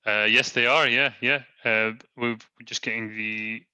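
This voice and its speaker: A man co-hosting a webinar, giving brief, quick replies over a video call. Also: medium pitch, steady tone, pushed and bright, smooth, no echo. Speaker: webinar co-host.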